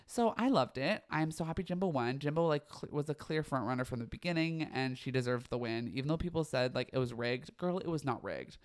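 A man's voice: fairly high pitch, clean tone. Campy, dramatic young man gossiping. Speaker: podcast host. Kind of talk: casual solo podcast chat.

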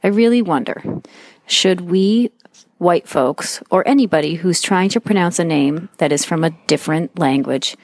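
A woman's voice: fairly low pitch, moderate pace, darkish tone, no room sound. A middle-aged woman from New Hampshire leaving a voice note for a podcast, earnest and a little self-deprecating as she asks her question. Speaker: listener sending a voice note. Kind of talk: recorded voice message.

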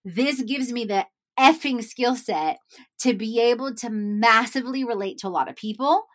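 A woman's voice: on the high side, normal speed. A young adult woman talking casually to her viewers. She tells a personal story, says "like" often and laughs as she goes. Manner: animated, chatty, says "like" often, laughs while telling.

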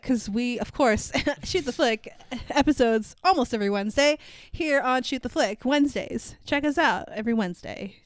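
A woman co-hosting a film podcast, talking loosely and swearing casually. Her voice sits a touch high, smooth and clear, and is recorded dry and close. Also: normal speed, few pauses, no room sound. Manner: swears casually, laughs often. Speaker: podcast co-host. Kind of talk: casual chat, film review.

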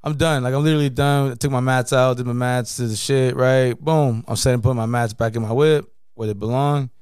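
Guy spinning a story fast, slangy and cussing a lot, smooth clean voice. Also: mid-range voice, fairly even intonation, darkish tone, no room sound, clean studio sound. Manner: slangy, profane, constant "you know what I mean". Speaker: podcast co-host. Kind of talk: casual storytelling chat.

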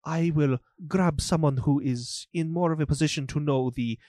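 A man voicing a fawning male estate steward who talks formally and quickly. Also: on the high side, dark tone, no echo, natural voice. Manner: rapid, overly polite formal speech.

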